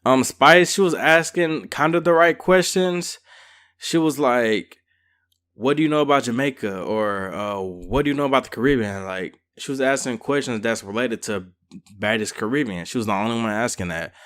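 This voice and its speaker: A man's voice: medium pitch, moderate pace, smooth. A man giving a casual, slangy recap and review of a reality show episode. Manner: chatty, slangy, lively storytelling.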